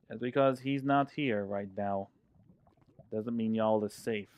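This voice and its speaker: A man's voice: lowish voice, darkish tone. A man chatting casually with his viewers while playing a block-building game, joking and laughing often. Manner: playful, chatty, laughs often, talks to chat. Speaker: streamer. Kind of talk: casual livestream chat while gaming. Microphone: desk microphone.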